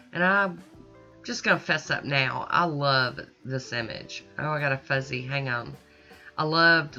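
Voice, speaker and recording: Lady chatting through a nail tutorial, bright voice, slightly dull audio with soft guitar behind. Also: low-pitched. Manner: chatty, upbeat, self-teasing. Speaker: nail art vlogger. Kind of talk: casual voice-over tutorial.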